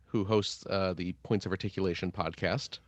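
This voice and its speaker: A man co-hosting a gaming podcast, telling a travel story in a jokey, animated way. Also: low voice, moderate pace, slight background noise. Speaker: podcast co-host. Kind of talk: casual podcast chat.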